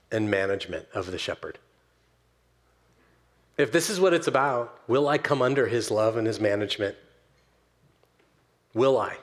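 A man preaching a sermon to his church as pastor, swinging from loud emphatic stresses down to soft, slow closing words. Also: fairly low pitch. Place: church sanctuary.

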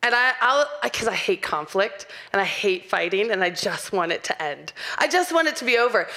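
A woman's voice: on the high side, animated, a little fast, hardly any pauses, pushed and bright. A young adult woman preaching a sermon in an earnest, personal way and laughing lightly now and then.

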